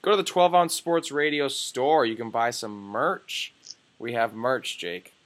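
Excitable young man hosting a sports podcast. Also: medium pitch, unhurried. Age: young adult. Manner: excitable, swearing, jokey. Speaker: podcast co-host. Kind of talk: casual sports podcast chat.

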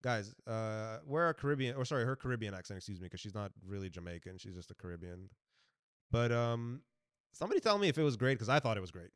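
A man's voice: on the low side, fast talker, clean tone, no echo. Blunt, swearing podcast guy, dry sound. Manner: blunt, swears freely, jumps between loud bursts and mumbled asides. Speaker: podcast co-host. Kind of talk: casual chat.

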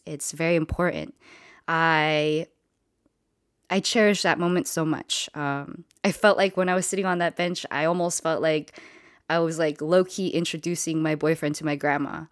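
A woman's voice: low-pitched, no room sound, studio quality. A young woman hosting a podcast, telling a personal story candidly and emotionally, swearing casually. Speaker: podcast host.

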